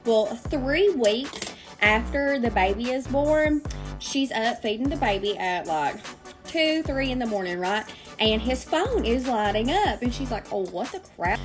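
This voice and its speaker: A young woman telling a small-town gossip story in a chatty, dramatic way, with teasing asides to the listener. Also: sits high. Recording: music bed under the voice. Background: background music.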